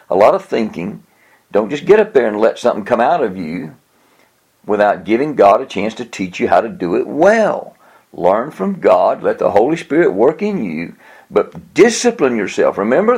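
A man's voice: mid-range voice, gravelly, a little mellow, slightly rough. A man giving an earnest, plain-spoken teaching talk on how to preach, with a chuckle now and then. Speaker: preaching instructor.

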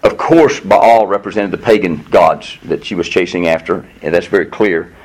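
A man's voice: low voice, moderate pace, rough recording. A man preaching a sermon as pastor, earnest and explanatory, often restarting his sentences.

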